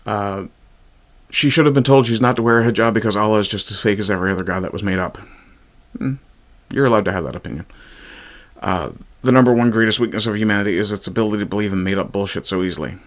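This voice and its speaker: A man's voice: fairly low pitch, quick pace. A man from Newfoundland giving sarcastic, profane reaction commentary on clips. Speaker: commentary streamer.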